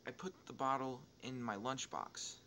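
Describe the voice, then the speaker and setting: A young YouTuber rambles through a story while gameplay runs, cursing in nearly every sentence and pausing to correct himself with restarts and asides. His pitch is ordinary, but his volume jumps quickly whenever he gets excited. A faint hum of noise sits underneath.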